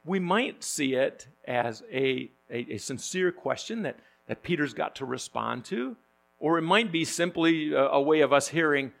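A male pastor preaching a sermon in a conversational, joking way, often pausing with fillers and restarts. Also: on the high side, lively intonation, creaky, fairly bright tone.

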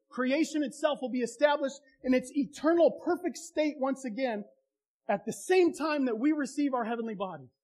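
A man's voice: very high voice, darkish tone. A man preaching a sermon as a pastor, conversational and impassioned by turns.

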